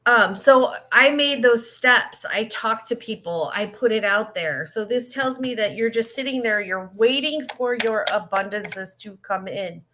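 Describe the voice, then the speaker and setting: A woman with a bright, clear voice gives a live tarot reading. She is blunt and scolding, telling the listener to stop waiting and act, and a faint hiss sits behind her. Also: a little high, animated, unhurried, few pauses. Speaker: psychic reader. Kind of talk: live psychic reading on a stream.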